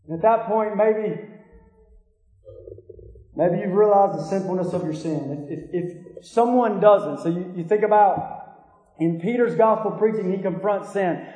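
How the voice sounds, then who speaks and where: A man's voice: sits high, warm tone. A man preaching a sermon, earnest and confronting, who keeps pressing his listeners with rhetorical questions. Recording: echoey hall.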